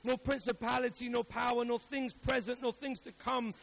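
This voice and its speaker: A man preaching a sermon, dropping to quiet storytelling and rising to loud, emphatic exhortation with repeated phrases. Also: very high-pitched, flat delivery, moderate pace, gravelly.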